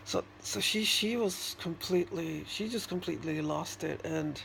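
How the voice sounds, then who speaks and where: High-pitched guy with a really fried gravelly voice, rambling through a story, lots of um and restarts. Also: a bit bright, a little hiss or hum. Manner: halting and rambling, many restarts and fillers. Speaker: vlogger. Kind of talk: casual personal storytelling.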